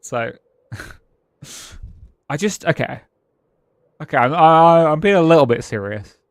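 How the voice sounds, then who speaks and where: A man's voice: a little high, animated, slow, no room sound, clean studio sound. A British man streaming a game and musing aloud in casual chat, with frequent chuckles and restarted sentences. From Britain.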